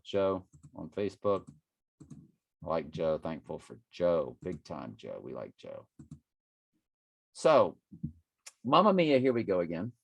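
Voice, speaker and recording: A middle-aged online preacher with a low, gravelly voice rambles through a prophecy monologue, jumping between numbers and scripture. There's no echo on the recording.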